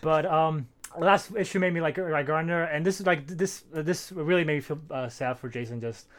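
A man talking casually about comics, halting and full of fillers. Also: on the high side, slight background noise. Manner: fast, halting, many fillers. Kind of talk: casual comic book discussion.

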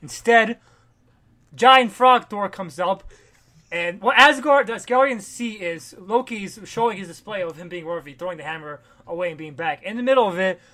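A man co-hosting a podcast, retelling a comic story in casual chat, animated and profane with lots of fillers. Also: high-pitched, moderate pace. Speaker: podcast co-host.

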